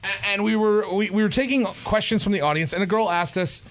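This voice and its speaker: A man's voice: high-pitched, a little fast. A man co-hosting a podcast, telling stories in a playful, rambling casual chat. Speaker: podcast co-host.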